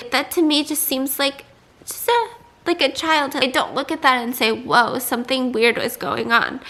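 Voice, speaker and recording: A woman's voice: high voice, pushed and bright. A young woman from the American South, a vlogger, talking candidly in a rambling, casual way with lots of "like"s. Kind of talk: confessional casual chat.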